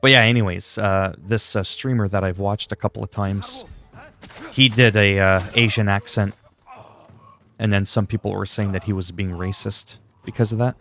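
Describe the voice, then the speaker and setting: A man's voice: lowish voice, steady tone, normal speed, fairly bright tone. A young man streaming a game and chatting casually, rambling with lots of fillers and self-deprecating jokes. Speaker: gaming streamer. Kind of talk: casual livestream chat while gaming.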